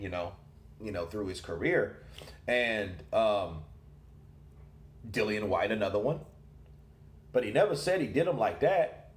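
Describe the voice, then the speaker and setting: A man giving a casual boxing commentary monologue, animated and rhetorical, who asks questions and then answers them himself. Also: mid-range voice, roomy sound.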